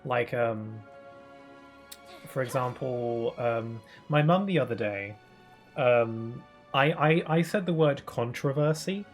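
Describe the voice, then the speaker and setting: A British man chatting casually while he streams a game, his voice sitting at an ordinary middle pitch. He rambles and muses aloud, filling gaps with "um"s and soft chuckles. Faint music runs behind him. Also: slow pace. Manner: rambling, musing, with frequent fillers and chuckles. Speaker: gaming streamer.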